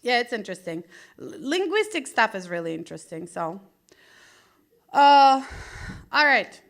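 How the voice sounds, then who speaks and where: A woman's voice: a little high, very animated, unhurried. A young woman from Russia with a Russian accent, telling a stand-up story to a live crowd and laughing along as she goes. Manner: chatty, laughs at her own story. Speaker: stand-up comedian. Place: small gallery venue, live audience.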